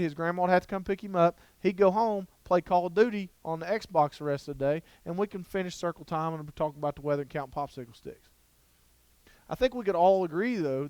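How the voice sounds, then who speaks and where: Animated storytelling man, crisp clear voice. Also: sits high, no room sound. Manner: down-to-earth, animated, jokey. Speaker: child development speaker. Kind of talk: storytelling keynote talk. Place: lecture room before an audience.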